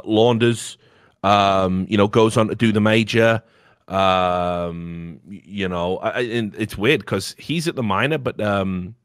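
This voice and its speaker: A man's voice: fairly low pitch, dry recording, clean studio sound. A man on a podcast in casual, opinionated chat, ranting bluntly and swearing freely. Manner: blunt and profane, heated ranting. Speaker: podcast host.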